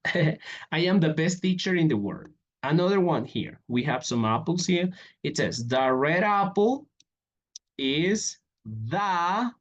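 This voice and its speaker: A man teaching an English grammar lesson, reading out examples and checking in with "okay?" after each step. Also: on the high side. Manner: repeats "okay?" often, walks through examples on a board.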